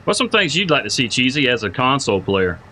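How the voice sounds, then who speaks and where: A man's voice: mid-range voice, very animated, quick pace, bright, forceful tone, a little hiss or hum, low-quality recording. A man streaming a farming game live, chatting casually with viewers, greeting them by name and thinking aloud with lots of repeated words. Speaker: livestreamer playing a farming game.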